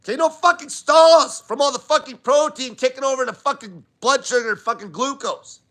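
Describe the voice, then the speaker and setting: A man's voice: very high-pitched, a little fast, pushed and bright. A man hosting a live diet Q&A, talking bluntly and swearing constantly in an emphatic rant. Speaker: diet channel host.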